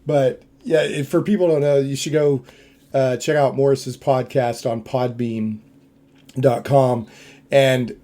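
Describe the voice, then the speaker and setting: A middle-aged man hosts a relaxed podcast chat, his voice dark and mellow. He rambles, restarting sentences and circling back with fillers as he talks things over. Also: medium pitch, measured pace. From United States. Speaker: podcast host. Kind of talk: casual chat.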